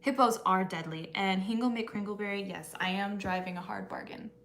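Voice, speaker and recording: A woman's voice: medium pitch, steady tone, normal speed, fairly bright tone, roomy sound, slight background noise. A woman co-hosting a casual livestream Q&A, playful and laughing often. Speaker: livestream co-host.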